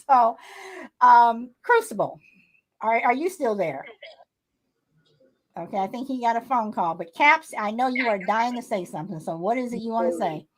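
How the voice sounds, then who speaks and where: A woman hosting a casual podcast chat, giggly, often halting and restarting her sentences. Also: fairly high pitch, expressive. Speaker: podcast host.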